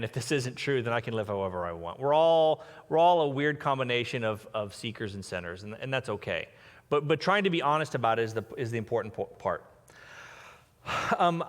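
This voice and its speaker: A man's voice: a little high, a bit bright. Man preaching in a reverberant hall. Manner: conversational, thinking aloud, many restarts and ums. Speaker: pastor. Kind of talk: sermon. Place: large church hall.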